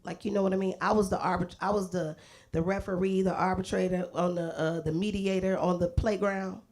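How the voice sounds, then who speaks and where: A middle-aged woman from Los Angeles, a guest actor telling lively stories in a live stage interview, acting out the voices of the people in them and laughing often. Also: on the low side, fairly quick. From Los Angeles, USA.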